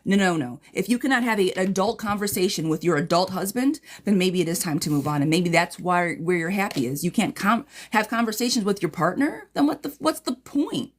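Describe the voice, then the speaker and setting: A woman's voice: fairly low pitch, brisk, few pauses. A woman tarot reader in a casual live-stream replay, answering viewers' questions in a blunt, chatty way and calling them girl and friend.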